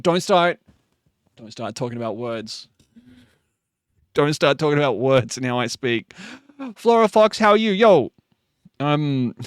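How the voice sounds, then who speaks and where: Lively Queensland-accented man chatting on stream. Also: mid-range voice, no room sound, studio quality. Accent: Australian, Queensland. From Queensland, Australia. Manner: chatty, laughing, swearing, sleepy. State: sleepy. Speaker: livestream host. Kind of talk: casual chat reading viewer messages.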